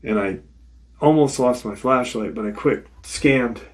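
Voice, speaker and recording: A man's voice: medium pitch, measured pace. A man hosting a channel, retelling a witness's frightening account in a casual, first-person storytelling style with some swearing.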